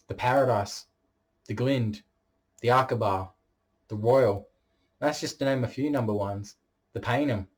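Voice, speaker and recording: A man's voice: medium pitch, darkish tone. A man talking straight to camera in a vlog monologue, blunt and boastful and swearing freely. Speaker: vlogger.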